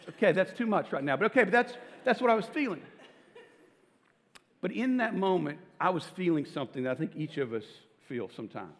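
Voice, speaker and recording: A man's voice: sits high, lively intonation, fairly quick. A middle-aged man, a pastor, giving a casual, self-deprecating sermon with stories to a congregation. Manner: conversational, self-deprecating storytelling. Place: church auditorium. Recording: long reverb of a large hall.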